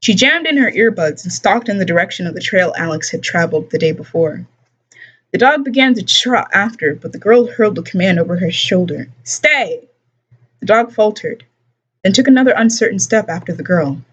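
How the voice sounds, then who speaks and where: A woman's voice: mid-range voice, animated, brisk, slightly rough. A woman streamer reading a novel aloud in plain narration, with offhand asides. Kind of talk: casual read-aloud of a novel. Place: home streaming setup. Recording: dull lo-fi stream audio.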